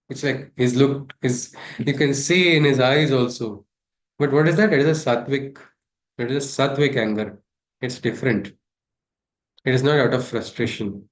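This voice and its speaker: A man teaching a scripture class, talking things through and asking his listeners rhetorical questions. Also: on the high side. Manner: discursive, asks rhetorical questions. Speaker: spiritual teacher.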